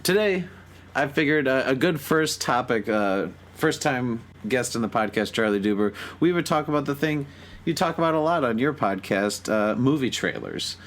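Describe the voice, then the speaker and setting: A man's voice: mid-range voice, expressive, moderate pace. A young man hosting a podcast in casual chat, laid-back and chuckling, with many fillers. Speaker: podcast host.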